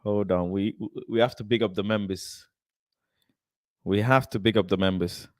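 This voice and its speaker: A man hosting a football fan livestream, excitedly chatting, at times shouting and singing along. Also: fairly low pitch, normal speed, dry recording, studio quality. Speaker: football channel host. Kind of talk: livestream chat. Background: music playing.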